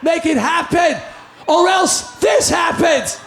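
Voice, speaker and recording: High-voiced shouting man on stage. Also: takes it slowly, gravelly, crowd noise, background noise. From New York area. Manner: brash, shouting, joking. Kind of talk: stage storytelling between songs. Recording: roomy live venue with faint music.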